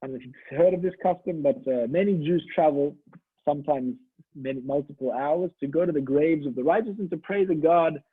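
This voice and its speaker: A rabbi gives a holiday sermon, telling a story in a loose, conversational way with frequent restarts. His voice is somewhat high and husky, and it comes through a thin, phone-like line. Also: a little fast. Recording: tinny phone-like audio.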